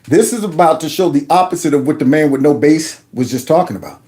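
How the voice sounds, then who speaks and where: A man hosting a political commentary show, talking over clips in an animated, mocking way and repeating phrases in a singsong. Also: on the high side, fast talker. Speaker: commentary channel host.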